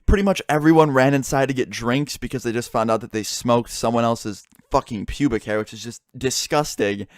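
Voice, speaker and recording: A man's voice: medium pitch, a little fast, hardly any pauses, no room sound. A young man casually telling a story, swearing often and acting out what his friends said. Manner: swearing, animated retelling with quoted dialogue.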